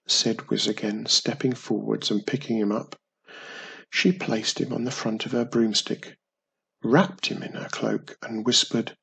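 A storyteller reading a children's fantasy tale aloud in a measured way. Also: mid-range voice, level tone, gravelly, fairly bright tone, slightly rough.

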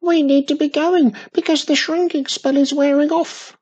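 Tiny squeaky little witch girl, very high-pitched, shrill, commanding, as a woman reads her. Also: fairly even intonation, moderate pace, darkish tone, highs cut off, close to an everyday voice.

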